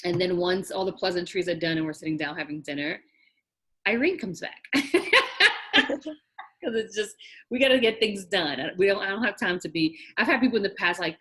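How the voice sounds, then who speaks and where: A woman's voice: on the low side, fairly quick, a bit bright. A woman from New York leading an online wedding planning class over a video call, chatty and direct, laughing often. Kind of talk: online class, casual teaching.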